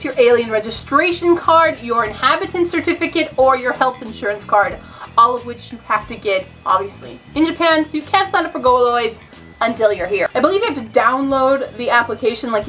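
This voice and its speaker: A woman's voice: fairly high pitch, a bit bright. Chatty self-mocking young woman vlogger. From United States. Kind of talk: casual vlog explainer.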